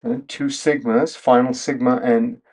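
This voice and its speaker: Slow, step-by-step male teacher. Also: medium pitch, steady tone, a little mellow. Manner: slow and step-by-step, reciting letters. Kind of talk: whiteboard lesson.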